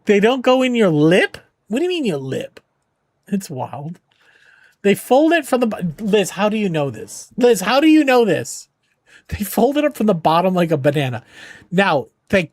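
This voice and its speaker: Male game streamer, high-pitched, dry close mic, loose joking banter with chat. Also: darkish tone, dry recording. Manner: joking, rambling, reassuring. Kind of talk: casual chat with viewers.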